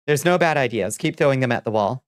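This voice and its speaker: A livestream host with a blocked, stuffy nose, talking easily with viewers and breaking into frequent laughs. The voice sits at a middling pitch and sounds dry and close, recorded at a home desk mic with no room echo. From Southern United States. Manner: chatty, laughs often, trails off and restarts. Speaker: VTuber streamer host. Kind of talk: casual livestream chat, reading chat aloud.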